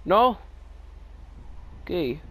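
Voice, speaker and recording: Rambling young-sounding man, high voice. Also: very animated, extremely slow, sharp tone. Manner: rambling, many fillers and restarts. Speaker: gaming channel host. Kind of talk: casual gameplay commentary.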